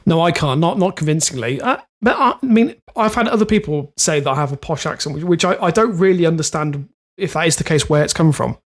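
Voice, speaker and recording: Lively man reading odd news. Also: fairly high pitch, quick pace. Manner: reads news then rambles off in jokes. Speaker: podcast co-host, reads the stories. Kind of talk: casual comedic chat.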